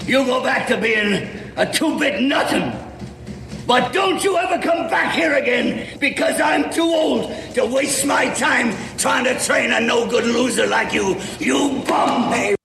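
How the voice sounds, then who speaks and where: A gravelly old trainer. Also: male voice, very high-pitched, measured pace, heavily acted. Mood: shouting. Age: older. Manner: berating, shouting. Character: gruff elderly male boxing trainer, furious. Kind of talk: film acting. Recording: echoey noisy film soundtrack.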